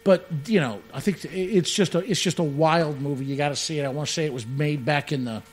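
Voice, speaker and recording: A man's voice: on the high side, fairly quick, a little hiss or hum. Rambling, jokey talk-radio co-host man. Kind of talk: casual chat.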